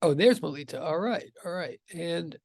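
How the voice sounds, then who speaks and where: Rambling male physics teacher on a video call, gravelly, dry close sound. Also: on the high side, moderate pace, no echo. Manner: rambling, self-interrupting, chatty. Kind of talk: casual online class intro.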